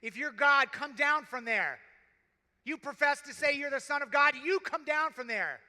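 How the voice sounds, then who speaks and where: A man voicing a jeering male criminal on a cross, with shouted mocking taunts. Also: very high voice, moderate pace, pitched above the performer's own voice, heavily acted. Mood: taunting. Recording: big hall reverb.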